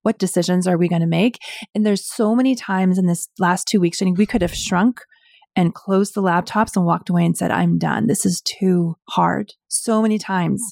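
A woman's voice: fairly low pitch, a little fast, creaky, a little mellow, no room sound, studio quality. A woman co-hosting a casual business chat, speaking earnestly and repeating phrases for emphasis. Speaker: business co-founder and podcast co-host. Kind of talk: casual conversation.

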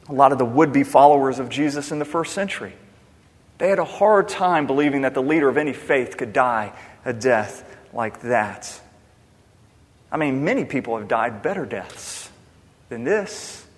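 A man preaching a sermon with passion, swinging between loud emphasis and hushed, quiet lines. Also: mid-range voice, expressive, moderate pace. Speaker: pastor. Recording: long hall reverb.

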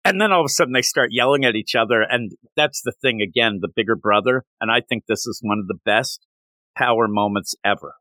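Keep it bright and forceful, a man co-hosting a podcast in casual chat. Retell scenes with animated energy and jump up in pitch when acting out a character. Keep the sound dry and close. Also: fairly quick, no echo. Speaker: podcast co-host. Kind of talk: casual discussion of a manga chapter.

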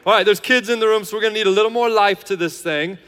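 A man's voice: sits high, fast talker, fairly bright tone, slight background noise. A man, a lead pastor, talking to his congregation in a chatty, joking way with lots of fillers. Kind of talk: casual sermon intro and worship lead. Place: large church hall. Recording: reverberant church hall.

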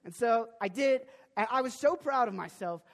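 High-voiced young man preaching in a hall. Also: normal speed. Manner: animated, with sudden loud bursts and many restarts. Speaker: pastor. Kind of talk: sermon with personal storytelling. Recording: long reverb of a large hall.

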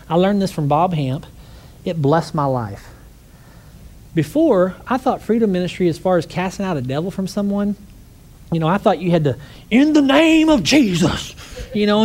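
A man preaching a conversational sermon, telling stories with lively energy and asking the congregation rhetorical questions. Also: high voice.

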